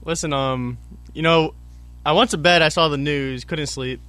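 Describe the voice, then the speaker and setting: A man's voice: fairly high pitch, moderate pace, pushed and bright, clean tone, dry recording. A male radio producer casually rambling through a self-mocking story on air. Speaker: show producer.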